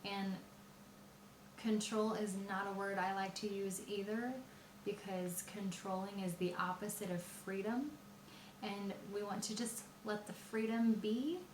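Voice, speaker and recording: A woman teaches singing in a patient, explanatory manner, often pausing with fillers as she talks. She speaks at a slow, unhurried pace. Her voice rings a little in a roomy, echoey space with faint room hum behind it. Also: mid-range voice. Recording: roomy echo.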